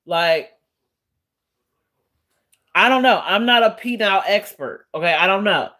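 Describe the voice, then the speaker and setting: A woman's voice: mid-range voice, animated, measured pace, sharp tone. A woman live streamer chatting casually with her viewers, blunt and profane, often breaking into laughter as she answers trolls.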